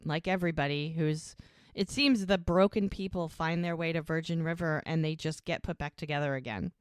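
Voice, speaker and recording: A woman with a lowish voice casually recaps an episode on a podcast, acting out each scene by quoting the characters' lines in turn. The sound is dry and close, with no room echo at all. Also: moderate pace, smooth. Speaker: podcast co-host.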